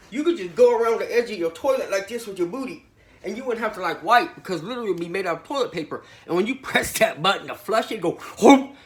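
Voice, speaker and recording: A man's voice: high voice, fairly bright tone. A man telling a comedic tall tale to camera in a rambling, slangy way, saying "literally" over and over. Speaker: satirical prison storyteller.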